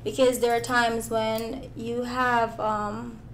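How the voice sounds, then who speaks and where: A woman's voice: a little high, level tone, takes it slowly, a bit bright, slight background noise. A woman comedian with a Jamaican accent, answering interview questions in a playful, joking way. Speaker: stand-up comedian.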